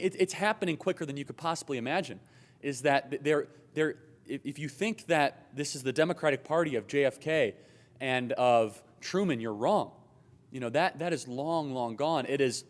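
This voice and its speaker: Male speaker at a conference, mid pitch, brisk and emphatic, fielding questions. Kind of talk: political speech with audience Q&A. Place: hotel conference hall.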